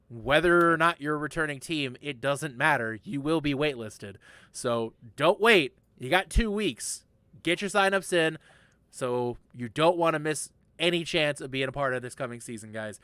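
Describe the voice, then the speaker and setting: A man hosting a relaxed livestream podcast, his voice smooth and resonant and recorded close and dry. He rambles through announcements in an upbeat way, dropping jokey asides as he goes. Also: a little high, dry recording. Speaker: podcast host. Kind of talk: casual livestream podcast chat.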